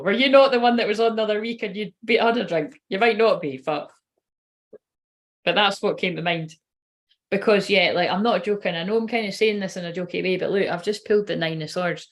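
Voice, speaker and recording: A woman's voice: on the low side, quick pace. A woman, a tarot reader and medium giving a casual, rambling live-stream reading and swearing now and then.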